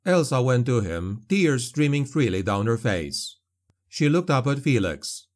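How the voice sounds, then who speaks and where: A man narrating a dark fantasy audiobook in a steady, dramatic storytelling manner. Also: medium pitch, measured pace.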